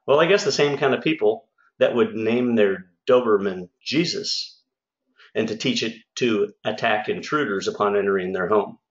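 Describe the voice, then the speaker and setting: A man's voice: lowish voice, normal speed, natural voice. A man voicing a wisecracking pet parrot in a joke, delivering the punchline dry and matter-of-fact. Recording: echoey, slightly dull.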